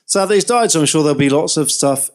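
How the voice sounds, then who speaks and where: A man's voice: on the high side, lively intonation, quick pace. A man in his thirties co-hosting a podcast, telling long rambling anecdotes in casual chat and laughing along. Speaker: podcast co-host.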